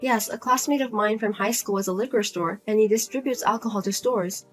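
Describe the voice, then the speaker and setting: Woman playing a grown daughter, low, quiet, blunt, cold, lecturing, family drama. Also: brisk, soft background music, lightly acted. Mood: firm, exasperated. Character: single adult daughter, firm and exasperated.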